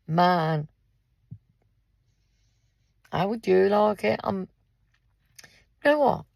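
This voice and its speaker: A woman's voice: mid-range voice, lively intonation, drawn-out words, gravelly, pauses often, a little mellow, dry recording. A woman ranting bluntly into the camera from inside her car, swearing freely and talking straight at her listeners. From England. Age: 50s. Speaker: parent and carer. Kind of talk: angry vlog rant. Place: in a car in a car park.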